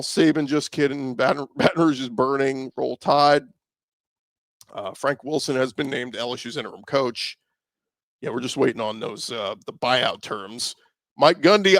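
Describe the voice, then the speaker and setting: A man's voice: mid-range voice, dry recording. A man hosting a casual live stream, rambling and sarcastic as he reads out and reacts to viewer comments. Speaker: podcast host reacting to live chat.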